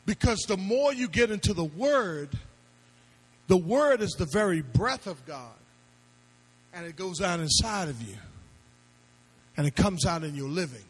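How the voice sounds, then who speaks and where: A man preaching a sermon as pastor, firing off rhetorical questions and rising into shouted appeals. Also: sits high, animated, a little slow, pauses often, slightly rough, rough recording.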